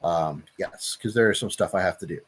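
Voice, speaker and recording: A man's voice: deep voice, fairly quick, husky. A man talking in character as a tabletop player, polite and a little hesitant.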